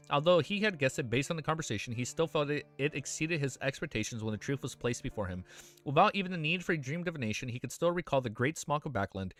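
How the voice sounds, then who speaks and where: Guy streamer reading a novel out loud, gets super hyped and swears a lot, bright voice, bounces all over the place. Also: medium pitch. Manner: excitable, swears freely, breaks off to react. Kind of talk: reading a novel aloud and reacting on a livestream.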